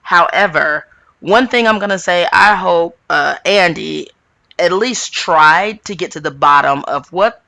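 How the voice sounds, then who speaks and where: A woman hosts a casual, opinionated reality show recap, ranting animatedly with sudden upward jumps in pitch. Her pace is a little slow, her voice has vocal fry, and there's no room sound.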